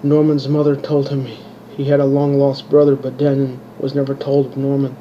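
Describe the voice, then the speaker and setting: Guy reading his own book, flat delivery, muffled lo-fi mic with faint hiss. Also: mid-range voice. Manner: halting, restarts words. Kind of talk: amateur audiobook reading. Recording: dull lo-fi home recording with faint hiss.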